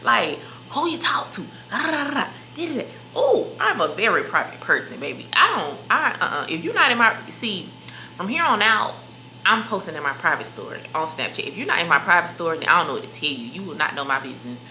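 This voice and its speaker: A young woman vlogger talks straight to her viewers in a loose, emphatic sit-down chat. Her voice is bright and sits a little low. She is recorded in an echoey room with a faint hiss. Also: big pitch swings, brisk. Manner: chatty, emphatic, addresses viewers as "y'all" and "baby". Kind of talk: casual sit-down chat to camera.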